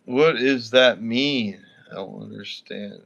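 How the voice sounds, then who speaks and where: Man streamer ranting with bright voice. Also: mid-range voice, slow, gravelly, muffled recording. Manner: swearing, ranting at a viewer; mumbling and reluctant at first. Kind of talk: live stream chat with viewers.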